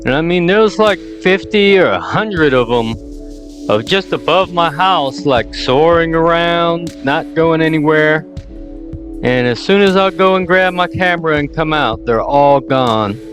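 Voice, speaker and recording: A man's voice: fairly high pitch, animated, a little slow, music in the background. A man musing in a puzzled, casual way in a vlog.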